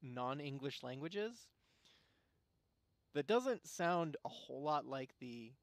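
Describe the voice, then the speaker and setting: A man talks his way through a gameplay stream, rambling from thought to thought and breaking off mid-sentence. His voice sits at an everyday middle pitch and sounds close and dry, with no room around it. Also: lively intonation, takes it slowly, no echo. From Arizona, USA. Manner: rambling, musing, self-interrupting. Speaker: game streamer. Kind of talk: casual gameplay commentary.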